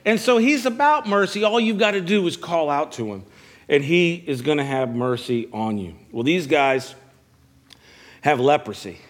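A man's voice: on the high side, normal speed. A male pastor preaching a sermon at a church service, asking his listeners questions and repeating his key phrases. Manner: preaching with call-and-response questions; repeats phrases, stammers on restarts.

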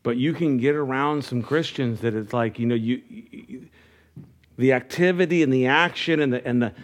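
A man's voice: mid-range voice, normal speed. A middle-aged man preaching a sermon as pastor, earnest and conversational, often restarting his phrases.

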